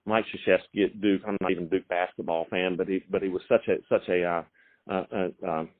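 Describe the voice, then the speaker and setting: A middle-aged man, a high school football coach, talking in a halting way with many repeated words and fillers. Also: fairly even intonation. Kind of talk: phone interview. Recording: phone line.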